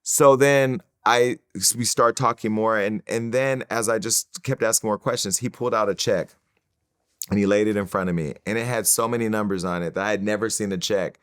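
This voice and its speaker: Middle-aged guy spinning a story in an interview, low voice, swears a lot, super animated, dry room sound. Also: clear, resonant tone, no room sound. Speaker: interview guest.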